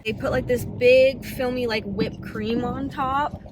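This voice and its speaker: A woman's voice: a little high, steady tone, unhurried. A young woman chatting casually in a travel vlog, laughing and filling her talk with likes, filmed on a handheld camera. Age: young adult. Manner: chatty, laughing, filler-heavy. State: sweaty and tired from walking. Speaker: vlogger. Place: outdoors on a trip, streets and ruins. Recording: loud outdoor background noise.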